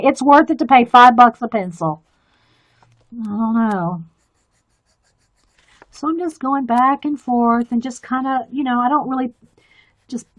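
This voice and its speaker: Chatty woman coloring on a live stream. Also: on the high side. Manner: chatty, rambling, laughs often. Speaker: artist streaming a coloring demo. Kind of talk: casual chat while drawing.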